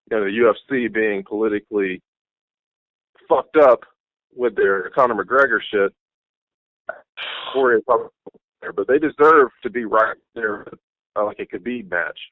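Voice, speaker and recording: A man co-hosting a casual sports podcast, excitable, blunt and profane. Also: medium pitch, dry recording. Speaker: podcast co-host. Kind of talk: casual chat. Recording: tinny phone-like line.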